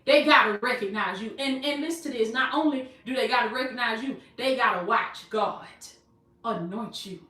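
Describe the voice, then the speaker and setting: A woman's voice: on the high side, moderate pace, sharp tone, reverberant, recorded from a distance. A woman preaching a motivational sermon, repeating her phrases and calling listeners baby.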